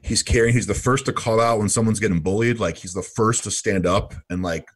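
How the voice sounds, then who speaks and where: A man co-hosts a casual podcast recapping a reality show, talking briskly and animatedly with frequent swearing. When he mimics people his voice jumps up high, and there's no echo on the recording.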